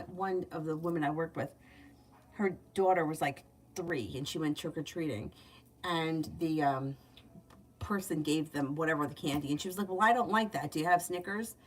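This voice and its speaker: A woman's voice: lowish voice, normal speed. A woman giving tarot readings in a casual livestream, chatty and candid, laughing often. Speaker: tarot reader. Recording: distant mic, faint background noise.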